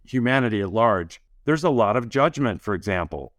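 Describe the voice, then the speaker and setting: A man, a physician guest on a podcast, explaining ideas in a calm, measured way. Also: lowish voice, dry recording. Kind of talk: conversational interview.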